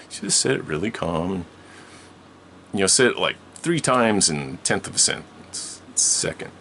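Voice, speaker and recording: In a casual, rambling way, an older man recounts a lengthy childhood tale, full of restarts and frequent laughter. His voice sits low with a sharp tone and normal speed, and a little background noise can be heard.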